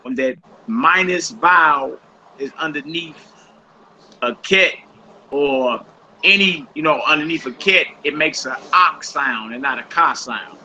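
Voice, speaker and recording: A man's voice: fairly high pitch, a little slow, pushed and bright, slight background noise. A man teaching a language class, patiently going over homework and repeating each instruction. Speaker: Hebrew teacher. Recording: dull lo-fi recording.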